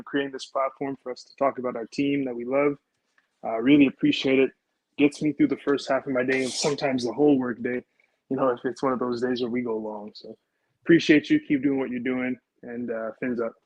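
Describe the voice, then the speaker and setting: A man guesting on a fan podcast, thanking the host in an easygoing, unhurried way. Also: mid-range voice, fairly even intonation, darkish tone, no echo, rough recording. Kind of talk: casual thank-you sign-off.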